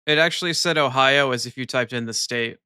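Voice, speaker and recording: A man's voice: medium pitch, brisk, sharp tone, clear, resonant tone, no room sound, clean studio sound. A young American man chatting casually on a live stream, reading chat aloud and laughing often.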